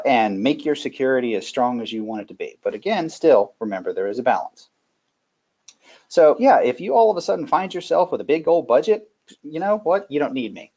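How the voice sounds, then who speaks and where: A man in the middle of his pitch range talks through a security presentation in a folksy, animated way, dropping in stories and asides. The sound is muffled and lo-fi, like a web session. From Northern Virginia. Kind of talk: conversational webinar presentation.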